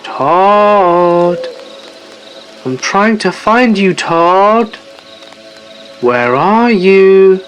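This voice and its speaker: A man doing an eerie woods mimic calling out high. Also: animated, very slow, long pauses, a bit bright, soft background music, heavily acted, poor audio. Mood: calling eerily.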